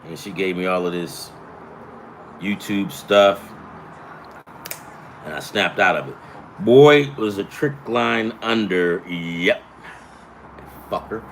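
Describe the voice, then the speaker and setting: A man's voice: low-pitched, takes it slowly, long pauses, a little hiss or hum. A man hosting a casual sports betting chat, rambling and profane, with self-deprecating asides. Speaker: sports betting picks host.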